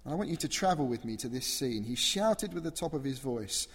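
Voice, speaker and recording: A man's voice: medium pitch, expressive, fairly quick, husky. A man preaching a sermon, earnest and emphatic, often asking rhetorical questions. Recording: long echo of a large hall.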